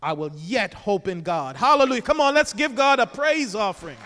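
A man as pastor delivering an impassioned sermon with hallelujahs, swinging between hushed, intimate lines and loud exhortation. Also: sits high, lively intonation, a little fast, slight background noise. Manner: repetitive call-and-response preaching with hallelujahs. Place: church sanctuary. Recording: long church hall reverb.

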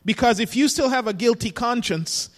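Male pastor, high-pitched, preaching with rising emphasis in a church with long reverb. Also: moderate pace. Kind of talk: sermon. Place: church sanctuary.

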